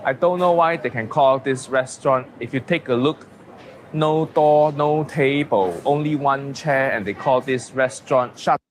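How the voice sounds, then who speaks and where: A man's voice: mid-range voice, unhurried. Male vlogger, wry chatty tour narration, faint background noise. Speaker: vlogger touring a restaurant. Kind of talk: casual vlog narration.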